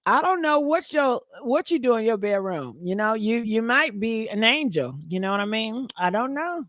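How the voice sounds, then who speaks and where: Brash high-voiced woman streamer. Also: big pitch swings, normal speed, fairly bright tone. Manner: brash, teasing, laughs often. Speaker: livestream host reading chat. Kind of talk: casual livestream chat.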